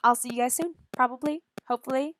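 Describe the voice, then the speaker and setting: A woman's voice: high voice, fast talker, over music. A woman streaming a game, chatting casually with playful sarcasm and silly beep-boop noises.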